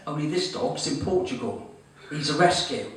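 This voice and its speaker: A man's voice: on the high side, normal speed. A man compering a comedy night, telling a story and teasing the crowd with casual swearing. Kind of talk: stand-up storytelling to a live audience. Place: comedy club room. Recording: very echoey room, far-off mic, noisy.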